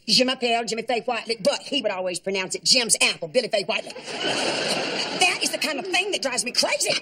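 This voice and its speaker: An actress playing a chatty, gossipy aunt who rambles through anecdotes and fusses over pronunciation, in a sitcom. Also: female voice, fairly high pitch, very noisy, close to an everyday voice. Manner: rapid rambling anecdotes with a drawl. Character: chatty gossipy older Southern aunt, fussy about pronunciation.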